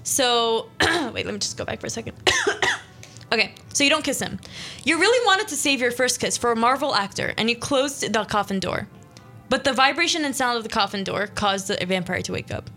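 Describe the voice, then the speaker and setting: A young woman hosting a small radio show, reading her own interactive story aloud in a playful, quick way. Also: a little high, lively intonation, bright, forceful tone, faint music behind. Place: small studio.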